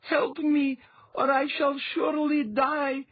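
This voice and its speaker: A man's voice: very high-pitched, level tone, takes it slowly, no room sound, voice pushed up. Pleading frightened young woman, put on by a male narrator. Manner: crying out, pleading. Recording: muffled, narrow phone-like sound.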